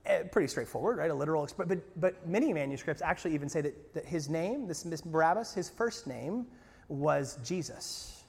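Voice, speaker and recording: A man preaching a sermon as pastor, lively and conversational, with jokes and asides to the congregation. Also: fairly high pitch, moderate pace, creaky, breathy edge, in a large hall.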